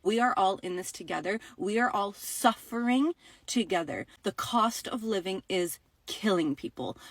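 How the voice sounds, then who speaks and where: A woman talking urgently to the camera, giving an emphatic, preachy motivational pitch. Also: no echo.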